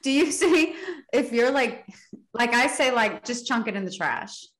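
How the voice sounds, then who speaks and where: A woman's voice: fairly high pitch, animated, unhurried, a bit bright. A woman co-hosting a podcast in casual chat, bubbly and teasing, laughing easily. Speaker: podcast co-host.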